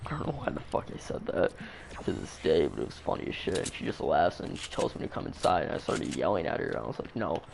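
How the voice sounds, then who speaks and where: A man's voice: low-pitched, sing-song, fast talker, noisy background. A man telling a story in a casual, rambling way, swearing a lot and using plenty of fillers. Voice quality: creaky. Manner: rambling, profane, full of fillers.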